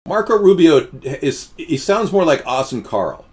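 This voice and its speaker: A man's voice: a little high, very animated, normal speed, darkish tone. A man hosting a casual live stream, rambling and answering chat comments with frequent restarts.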